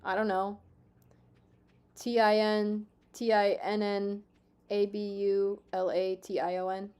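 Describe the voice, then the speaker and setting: A woman in her twenties streaming a game, chatting casually with her viewers, swearing freely, excitable and self-mocking. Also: medium pitch, slow, clean tone. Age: 20s. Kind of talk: casual live-stream chat.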